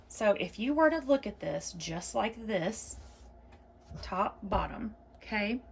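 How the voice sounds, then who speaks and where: A chatty woman talks through a quilting tutorial in a gravelly, creaky voice. She repeats each step and reassures the viewer as she goes. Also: medium pitch, expressive, takes it slowly, a little hiss or hum. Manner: reassuring and encouraging. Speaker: quilting video host.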